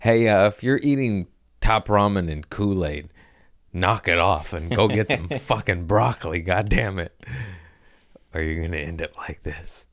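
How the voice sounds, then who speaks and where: A man's voice: deep voice, measured pace, fairly bright tone, no echo, studio quality. A young man hosting a podcast in a podcast room, chatting casually in a rambling, profane, joking way. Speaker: podcast host. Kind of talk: casual comedic podcast chat.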